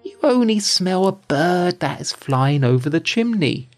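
An older man voicing an old female giantess in a storybook, pitching up and speaking louder. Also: animated, measured pace, soft background music. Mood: flustered.

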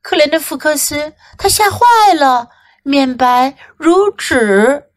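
A woman English teacher reading a storybook to children and slowly explaining phrases. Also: high voice, lively intonation. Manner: slow, clear, explaining and repeating for children.

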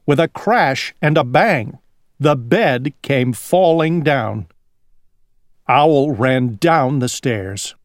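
A man reading a children's picture book aloud in a slow, expressive storytelling manner. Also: mid-range voice, no echo, clean studio sound. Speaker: storybook reader.

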